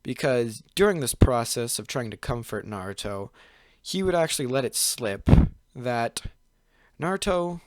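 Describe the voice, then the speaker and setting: A man's voice: mid-range voice, lively intonation, measured pace, no room sound. A young man hosting his channel, casually retelling a fan-fiction story in a rambling way, leaning on fillers and restarting his sentences. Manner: rambling, full of "pretty much" and "like", frequent restarts. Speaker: channel host.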